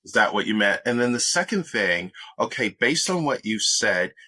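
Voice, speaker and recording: A man who is a motivational speaker, with a lowish, bright, forceful voice. He gives upbeat coaching advice and lays it out in clear steps. The sound is dry and close. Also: sing-song, moderate pace, dry recording. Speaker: motivational speaker and author, guest.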